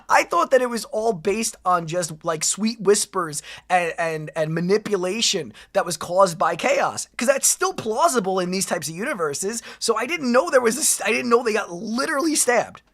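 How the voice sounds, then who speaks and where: A woman streamer reacting to videos, talking in a casual, excitable way and ranting in rising outbursts. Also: mid-range voice, normal speed, few pauses.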